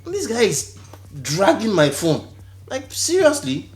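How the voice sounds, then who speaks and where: A man co-hosting a podcast, telling a story in an animated, indignant way. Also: high voice, measured pace, roomy sound. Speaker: podcast co-host. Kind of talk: casual storytelling chat.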